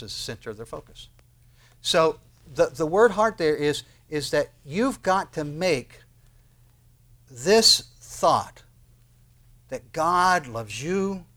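A male pastor preaching a sermon in an animated way, asking rhetorical questions and raising his voice for emphasis. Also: a little high.

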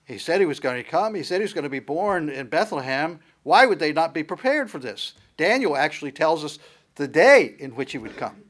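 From the pulpit, a middle-aged pastor delivers a brisk sermon in a voice a little higher than most men's. He builds each point with repeated rhetorical questions in a steady preaching cadence.

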